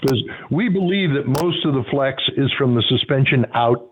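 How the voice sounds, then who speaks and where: A man's voice: medium pitch, lively intonation, normal speed, slightly rough. A man co-hosting a call-in show, talking in a folksy, easygoing way. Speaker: co-host. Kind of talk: call-in radio talk. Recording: phone-like narrow sound.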